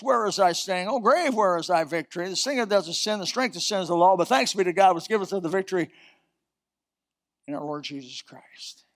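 A man preaching a sermon, reciting scripture and rising to sudden loud outbursts. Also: sits high. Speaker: pastor.

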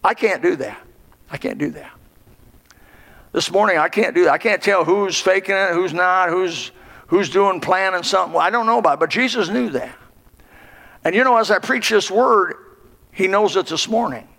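A male pastor preaches with impassioned, swelling emphasis. His voice sits high for a man and carries a gravelly edge. The long reverb of a church hall rings behind every phrase. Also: normal speed, a bit bright. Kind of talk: sermon. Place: church sanctuary.

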